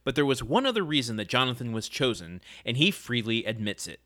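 Guy cohosting a tv recap podcast, bright forceful voice, keeps giggling. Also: mid-range voice, very animated, brisk. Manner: giggly, laughs often between sentences. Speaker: podcast co-host. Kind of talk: casual chat recapping a sitcom episode.

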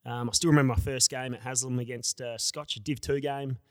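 Quick Australian man in his thirties. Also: medium pitch, fairly even intonation, no echo. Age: 30s. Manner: reflective, rambling recollection. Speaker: podcast guest. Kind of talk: casual interview.

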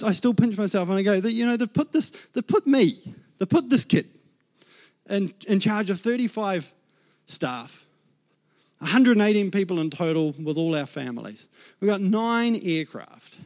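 With a New Zealand accent, a thirtyish guest preacher recounts his personal story as sermon testimony, voicing both the thoughts in his head and what God said. His voice sits high and carries a darkish tone.

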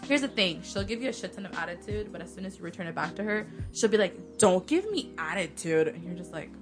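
A young woman working as a nursing assistant, chatting casually and telling lively work stories, acting out quoted voices and swearing freely. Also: medium pitch, quick pace, music in the background. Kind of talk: casual podcast chat.

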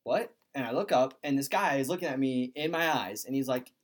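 A man's voice: mid-range voice, fairly quick. Rambling young man telling a story. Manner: rambling, lots of "like", quotes people in voices. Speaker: podcast host. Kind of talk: casual storytelling.

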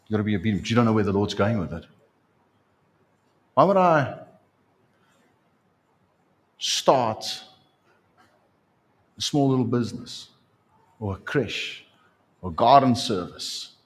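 Man, pastor, sermon, conversational, lively intonation. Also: fairly low pitch, a little slow, long pauses. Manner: animated, conversational preaching.

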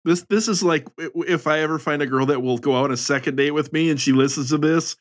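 A man's voice: a little high, quick pace. Teasing, foul-mouthed podcast guy. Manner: teasing, swears freely. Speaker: podcast co-host. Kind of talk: casual chat.

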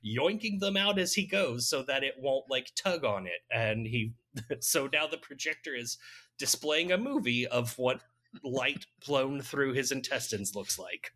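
A man's voice: medium pitch, lively intonation, unhurried, pushed and bright. A man casually recapping a film's plot on a podcast, laughing often and cracking dry jokes. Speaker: podcast host recapping a film. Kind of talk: casual chat.

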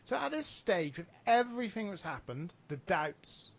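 A male interview host asking long, reflective questions in a slow, musing way. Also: high voice, big pitch swings, creaky. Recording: slightly muffled lo-fi audio.

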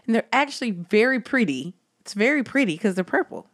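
Animated woman telling stories casually. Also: a little high, a little fast, no room sound, studio quality. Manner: animated storyteller, addresses listeners as y'all. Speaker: podcast co-host. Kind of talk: casual chat.

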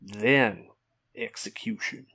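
A podcast co-host voicing a drawling knight in a put-on Southern drawl. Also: male voice, lowish voice, takes it slowly, gravelly, pushed and bright, husky, no echo, exaggerated voice. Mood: menacing. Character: drawling old knight demanding execution.

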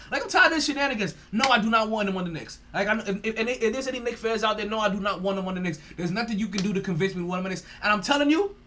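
A man's voice: high-pitched, pushed and bright, slight background noise. A man hosting a sports podcast, ranting in a profane, mocking way and laughing often. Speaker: podcast host.

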